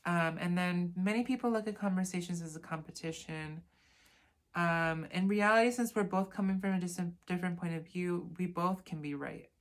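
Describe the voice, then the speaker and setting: A woman reading from a self-help book in a casual lesson, adding chatty asides and correcting herself as she goes. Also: fairly low pitch. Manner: reads aloud, then adds chatty asides and self-corrections.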